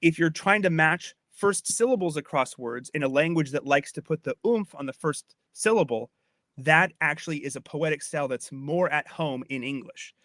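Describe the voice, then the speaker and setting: Man, podcast host, casual lecture, somewhat high voice, a bit tipsy, repeats himself, dry close sound. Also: normal speed, fairly bright tone, dry recording. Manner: chatty, repeats and restarts phrases, checks in with listener. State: slightly tipsy from wine. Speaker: podcast host explaining Old English poetry.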